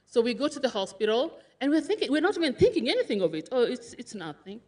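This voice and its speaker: Before a congregation at a funeral service, a woman gives an emotional eulogy for her late brother-in-law, laughing and crying as she goes. Her voice is a little high and a little mellow, with big pitch swings, and she talks fast.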